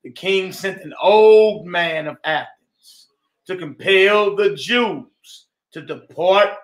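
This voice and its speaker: A man in the study group talks casually with a somewhat high voice. His voice carries a roomy echo. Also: slow pace. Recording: roomy sound.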